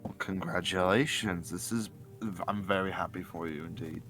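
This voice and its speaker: Brief: man with a very low voice, playful player, faint music behind. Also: steady tone, normal speed, fairly bright tone. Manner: playful, bargains in character. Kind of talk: casual chat in a tabletop game.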